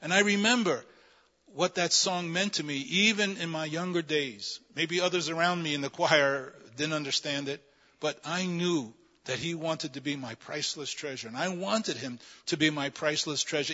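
A man's voice: a little high, normal speed, pushed and bright, big-room sound, dull audio. A man preaching a sermon, asking the congregation rhetorical questions and building to fervent, emphatic peaks. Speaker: pastor.

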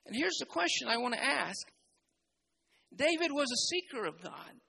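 High, bright-voiced preacher. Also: sing-song, normal speed, vocal fry, long pauses, slight background noise, low-quality recording. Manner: builds to loud, emphatic preaching; repeats key phrases for emphasis. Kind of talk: sermon.

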